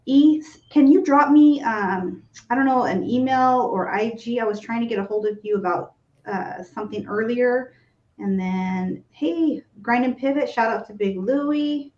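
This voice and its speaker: A woman hosting a casual livestream chat, giving quick shout-outs to viewers. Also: on the high side. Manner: gives quick shout-outs, short backchannel replies. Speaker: host. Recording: dull, roomy sound.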